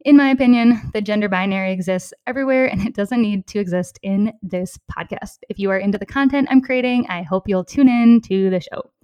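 A woman in her thirties with a Minnesota accent talks through her solo podcast in a friendly, upbeat way, with small laughs between phrases. Her voice sits at an ordinary middle pitch and sounds close and dry, with no room around it. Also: a little fast, few pauses, smooth, dry recording, dull audio. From southeastern Minnesota, US. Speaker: podcast host.

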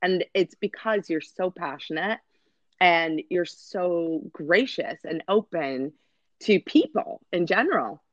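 A woman in casual chat, expressive and quick to laugh and react. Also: on the low side, no echo. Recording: dry dull lo-fi audio.

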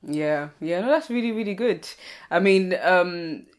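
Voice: mid-range voice, expressive, unhurried. Chatty, rambling young podcast host. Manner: chatty and rambling, self-deprecating, frequent likes and you knows. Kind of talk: casual podcast chat.

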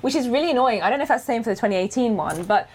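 A woman co-hosting a casual chat, excitable and giggly. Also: fairly high pitch, rapid-fire. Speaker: co-host.

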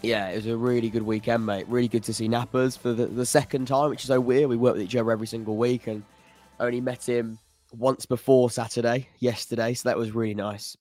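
A man's voice: mid-range voice, flat delivery, fast, a little mellow, no room sound, soft background music. A man co-hosting a casual podcast, chatty, laughing easily and repeating himself. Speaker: podcast co-host.

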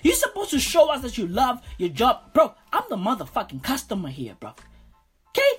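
A woman's voice: a little high, fairly quick, slightly rough, soft background music. A woman delivering a profane comic rant, repeating "bro" over and over. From South Africa. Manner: animated, profane, repetitive, keeps saying "bro".

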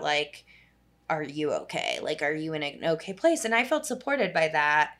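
Low-ish and a bit bright, this young woman's voice carries a long, rambling personal story told casually. She's a social worker who says "like" constantly and drops a swear word here and there.

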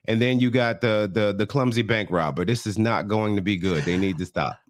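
A man's voice: fairly low pitch, fairly quick, no room sound, studio quality. A man co-hosting a podcast, recapping a reality show in profane, exasperated casual banter. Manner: profane, exasperated, animated storyteller. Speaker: podcast co-host.

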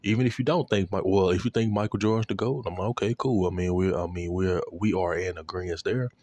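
A man in a casual, profane sports rant, animated and repeating himself, aimed at a commentator. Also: deep voice, a little fast.

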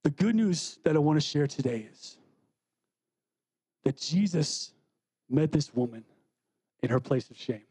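High-voiced man preaching a sermon. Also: animated, unhurried, pauses often, warm tone, slightly rough. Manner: conversational, asks the congregation questions. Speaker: guest preacher. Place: church sanctuary.

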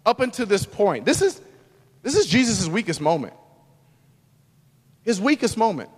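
A man pastor preaching a sermon, moving between loud, emphatic lines and hushed, quiet ones. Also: high voice, sing-song, normal speed, slightly rough, big-room sound.

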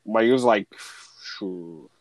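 A man's voice: lowish voice, takes it slowly, no echo, rough recording. A man in casual conversation, telling a story loosely with many fillers. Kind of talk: casual chat.

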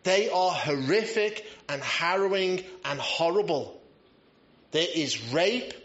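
A man delivers a sermon in a high, light voice, chatty and quick to poke fun at himself. His voice rings through a roomy church hall, and the recording sounds slightly dull. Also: lively intonation, a bit bright. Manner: conversational, self-deprecating humor. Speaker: preacher.

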